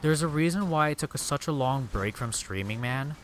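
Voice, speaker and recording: A man's voice: fairly high pitch, lively intonation, fairly quick, a little hiss or hum. A young man streaming a game and venting angrily, swearing often in a casual rant. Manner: angry, profane venting.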